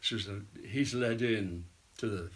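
An older man, an actor, telling rambling anecdotes in an interview and dropping into hushed asides. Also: lowish voice, a little slow, slightly rough. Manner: rambling storyteller, drops to hushed whispers for asides. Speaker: actor guest.

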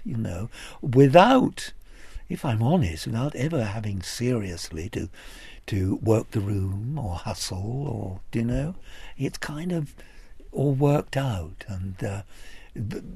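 An older man speaks in a gravelly, husky voice with lots of pitch movement. He is an actor answering interview questions, hesitant and self-deprecating, chuckling now and then. The sound is dry and close. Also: a little mellow, dry recording. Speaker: actor guest.

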